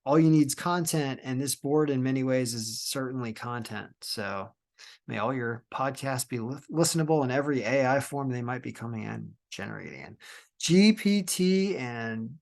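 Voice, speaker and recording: A man talking casually on his own podcast, drifting from thought to thought and restarting his sentences often. His voice sits at an ordinary middle pitch for a man. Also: animated, normal speed, creaky. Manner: rambling, with many restarts and trailing phrases. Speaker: podcast host.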